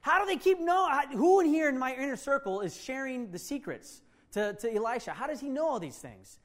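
A man's voice: high voice, expressive, fast talker, a bit bright. A man voicing a wicked king, agitated and demanding answers from his advisors. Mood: suspicious. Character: wicked ancient king, adult man, suspicious and angry.

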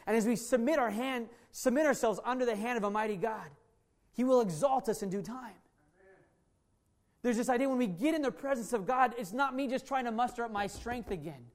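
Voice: medium pitch, fairly quick. An earnest preacher delivers a sermon, circling back to the same key phrases again and again. Sentences often break off and restart mid-thought as the point is pressed home.

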